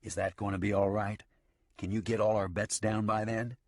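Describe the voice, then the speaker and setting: A man voicing a calm, scheming outlaw leader who gives firm orders in an audiobook. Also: lowish voice, normal speed, no echo, clean studio sound, lightly acted. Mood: commanding. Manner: firm, commanding.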